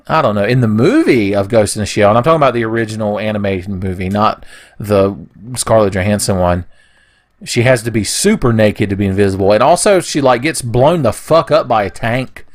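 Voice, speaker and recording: A man's voice: lowish voice, brisk. A young man doing casual let's play commentary, rambling into goofy, profane rants. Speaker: gaming commentator.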